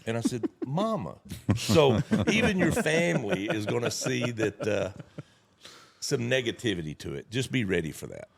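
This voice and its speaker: A man's voice: mid-range voice, expressive, normal speed, creaky. A middle-aged man, telling folksy stories in a casual conversation and acting out the people he quotes. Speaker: network marketing leader, guest speaker.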